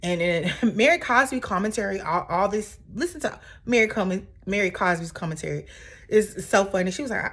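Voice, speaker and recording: A woman's voice: medium pitch, a little fast, fairly bright tone. A woman casually recapping a reality TV episode in a chatty, sassy way, full of asides.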